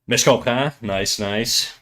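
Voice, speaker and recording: A man's voice: mid-range voice, unhurried, bright, forceful tone. Joking French Canadian man chatting on stream. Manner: joking, rambling, switches between English and French. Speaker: livestream host. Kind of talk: casual stream chat with chat readers.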